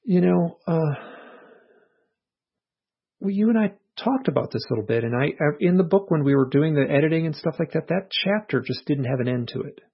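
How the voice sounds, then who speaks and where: Husky, gravelly man telling a story. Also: on the high side, brisk. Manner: earnest, reflective, animated retelling with quoted inner thoughts. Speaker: author and interview guest. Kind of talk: casual conversational storytelling. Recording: muffled lo-fi audio.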